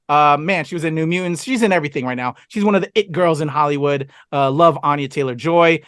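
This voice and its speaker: A man's voice: high-pitched, fairly bright tone, no room sound, studio quality. A man co-hosting a casual film review, talking enthusiastically with lots of fillers and asides. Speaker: podcast co-host.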